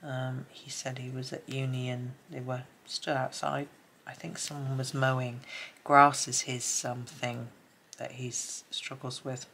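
British woman, middle-aged, relaxed colouring chat, deep and a bit gravelly, soft rambling delivery. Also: unhurried, slight background noise. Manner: soft-spoken, rambling, drifts into murmurs. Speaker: colouring channel host. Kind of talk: casual chat while colouring.

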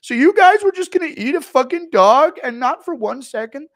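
A man's voice: lively intonation, normal speed, fairly bright tone. A man putting on the voice of a clingy friend who shrilly whines about being left out. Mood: shrill outrage. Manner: shrill, outraged, whining.

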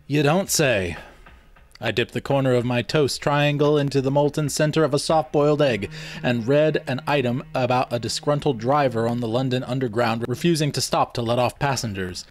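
A man reading first-person fiction aloud in a measured storytelling manner. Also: medium pitch. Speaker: audiobook reader. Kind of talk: scripted first-person novel narration.

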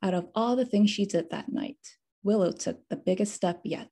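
A woman author reading her picture book aloud at a bookshop storytime, expressive and unhurried. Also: mid-range voice, gravelly. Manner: slow, expressive storytime reading with sound words. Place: bookshop event space.

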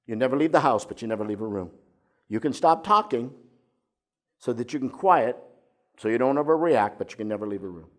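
An older man preaching a sermon as a pastor, moving between emphatic points and soft, intimate asides. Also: medium pitch, fairly quick, pauses often. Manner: expressive preaching, drops to soft intimate tones.

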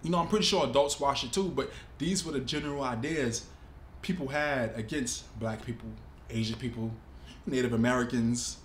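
A man hosting a reaction video, talking in an animated, emphatic, casual way. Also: mid-range voice, moderate pace, slight background noise. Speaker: host. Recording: echoey room with faint ambience.

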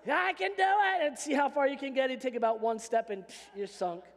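High-voiced joking pastor in a reverberant hall. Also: male voice, a little fast. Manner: animated, joking, conversational preaching. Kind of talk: sermon. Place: church sanctuary. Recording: long reverb of a church hall.

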